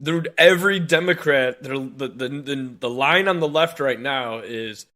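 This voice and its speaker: A man's voice: medium pitch, a little slow, few pauses, sharp tone. A man in his thirties co-hosting a podcast, ranting angrily with constant swearing and bursts of laughter. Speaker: podcast co-host. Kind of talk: profane rant on a podcast.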